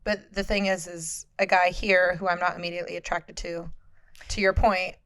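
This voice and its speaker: A young woman co-hosting a podcast in casual chat, telling stories expressively and sometimes dropping to a hushed voice. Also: on the low side, moderate pace. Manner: expressive storyteller, drops into a hushed voice for inner thoughts. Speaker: podcast co-host.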